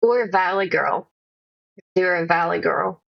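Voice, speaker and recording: A woman's voice: fairly low pitch, unhurried, gravelly, dry recording, highs cut off. A young woman streaming from home, chatting in a rambling, self-conscious, jokey way. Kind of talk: casual live-stream chat. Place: home room.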